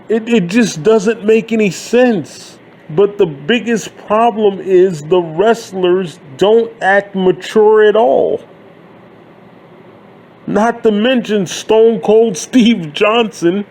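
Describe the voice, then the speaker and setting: A man's voice: high voice, slow pace, a little mellow. A man in his thirties ranting bluntly and sarcastically, swearing freely as he gives his opinions. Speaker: wrestling commentary YouTuber. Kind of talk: profane ranting monologue.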